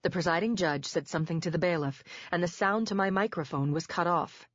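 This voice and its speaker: A woman reading a thriller in first person, measured and tense, recorded dull and dry. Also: on the low side, dry recording. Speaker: audiobook narrator. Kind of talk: first-person scripted narration.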